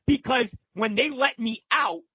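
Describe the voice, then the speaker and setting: A man's voice: extremely high pitch, measured pace, husky, no echo, highs cut off. A man guest telling a story casually and animatedly, swearing freely and acting out other people's lines. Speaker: podcast guest.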